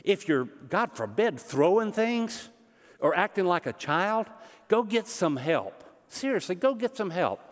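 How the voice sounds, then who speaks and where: A middle-aged man preaching a sermon as pastor, conversational and animated, joking with the congregation. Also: high-pitched, unhurried. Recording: long church hall reverb.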